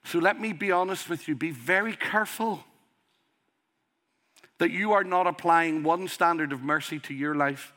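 A man with a slightly high voice preaches a sermon at normal speed, his tone bright and forceful. He is earnest and emphatic, pressing listeners with rhetorical questions, and speaks with a strong accent he calls a dialect.

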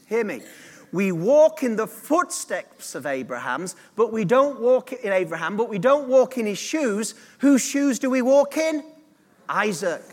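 A man's voice: high voice, long reverb tail. A man preaching a sermon as pastor, earnest and direct, drawing the congregation into call-and-response.

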